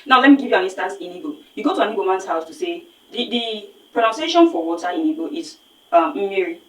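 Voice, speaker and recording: A Nigerian woman teaches pronunciation in an earnest, lecturing way, pressing her points with rhetorical questions. Her voice sits at an ordinary middle pitch. It sounds roomy and echoey, picked up from a distance away from the mic. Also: expressive, fast talker. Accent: Nigerian English. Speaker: phonics teacher. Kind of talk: spoken lesson.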